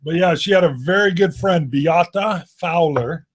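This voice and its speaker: Animated, joking man telling stories. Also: fairly high pitch, normal speed. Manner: animated, jokey storyteller. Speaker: whisky show co-host. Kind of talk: casual live-stream chat.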